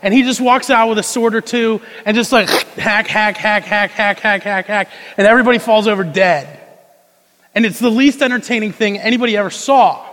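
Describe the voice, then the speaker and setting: A young man preaching a sermon, moving between hushed intensity and loud, emphatic delivery. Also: high-pitched. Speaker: pastor. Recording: long reverb of a large hall.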